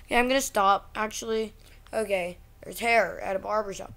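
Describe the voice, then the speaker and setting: A woman's voice: medium pitch, a bit bright. A woman hosting a casual vlog, reacting to things online in a ranting, exasperated way. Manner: ranting, easily exasperated, slow-talking. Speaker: channel host.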